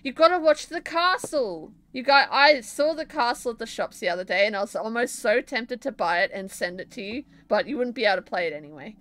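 A woman's voice: fairly high pitch, lively intonation, brisk, few pauses, fairly bright tone. Chatty giggly Australian woman streamer. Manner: chatty and giggly, answering chat. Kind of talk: casual live-stream chat while gaming and drawing. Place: home streaming setup.

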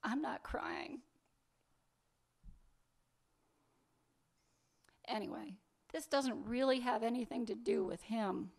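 A woman reading a sharp-tongued lover. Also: a little high, moderate pace, vocal fry. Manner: cutting, sarcastic and impatient. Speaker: reader of a story's dialogue. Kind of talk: live fiction reading.

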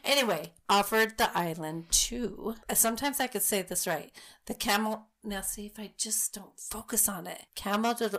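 A woman co-hosting a casual podcast, telling a story in a giggly, rambling, excitable way. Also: mid-range voice, normal speed. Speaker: podcast co-host.

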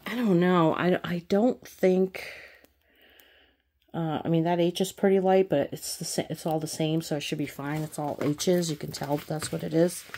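A tired middle-aged woman chatting casually as she unboxes craft kits, rambling and thinking out loud with frequent restarts. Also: low voice, steady tone, normal speed. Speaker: crafting channel host.

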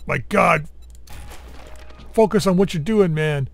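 A man's voice: on the high side, a little slow, creaky. Rambling man narrating his gameplay. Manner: rambling, talks to himself and the zombies; mumbling while doing two things at once. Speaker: gaming channel host. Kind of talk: casual let's-play commentary.

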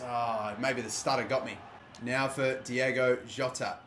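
A young Australian man giving live, excitable commentary on a football video game, swearing often and shouting at big moments. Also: medium pitch, measured pace, slight background noise. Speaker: gaming YouTuber.

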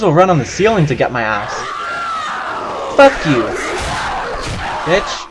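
A man giving profane, excitable let's play commentary, yelping and laughing at the game. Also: fairly high pitch, slow, pauses often, raised voice, a crowd in the background, noisy background. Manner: profane, excitable, yelps and laughs while playing. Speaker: gaming channel host.

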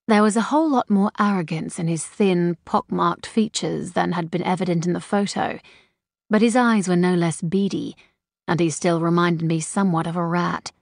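Woman audiobook narrator, low voice, dry close sound, unhurried sensual delivery. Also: gravelly, no room sound. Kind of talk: first-person romance audiobook narration.

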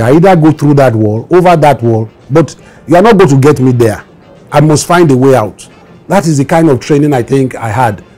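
A man's voice: medium pitch, dark tone. A Nigerian man in his fifties, telling stories in an interview and acting out the voices of the people he quotes. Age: 22 in 1984, now 50s. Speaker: musician interviewee. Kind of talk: storytelling interview.

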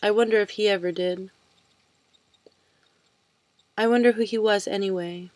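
A woman voicing a shy, withdrawn young man who speaks quietly and hesitantly. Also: mid-range voice, fairly even intonation, moderate pace, no echo, close to an everyday voice.

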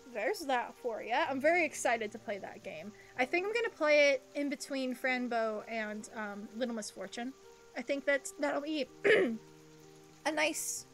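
A young woman streaming a game, chatting between lines and reading its dialogue aloud in an excitable, giggly way. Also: high-pitched. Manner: excitable, giggly, reads in character voices.

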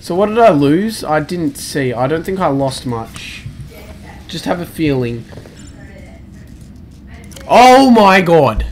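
A man's voice: a little high, sing-song, slow pace, pauses often, faint music behind. A young man commentating his own gameplay, panicky and exclaiming, talking to himself as he plays. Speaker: let's play gamer.

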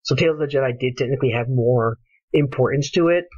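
A man's voice: mid-range voice, quick pace, darkish tone, no echo. A man ranting angrily about a game, with passionate, profane talk. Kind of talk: heated solo rant. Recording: dull lo-fi home recording.

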